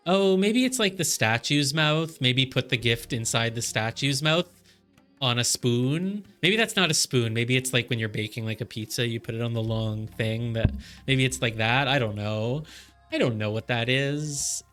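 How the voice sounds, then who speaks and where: A man's voice: medium pitch, moderate pace, fairly bright tone, faint music behind. A young man streaming a puzzle game live, chatting and puzzling aloud with lots of fillers.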